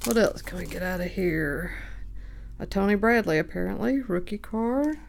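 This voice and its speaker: A woman hosting a card break, calmly reading out player names and getting excited at good pulls. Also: medium pitch, gravelly. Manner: unhurried, reads names aloud, bursts of excitement. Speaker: card shop host opening packs. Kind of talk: casual card-breaking commentary.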